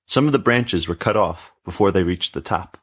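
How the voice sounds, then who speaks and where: Man, narrator, storybook reading, measured, deep, husky. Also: lively intonation, a bit bright.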